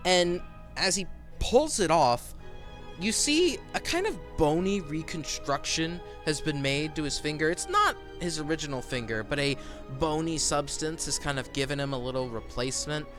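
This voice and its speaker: Man game master narrating a tabletop scene, slightly high voice, faint music behind, loose and rambling. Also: animated, moderate pace. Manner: loose, rambling, lots of fillers and restarts.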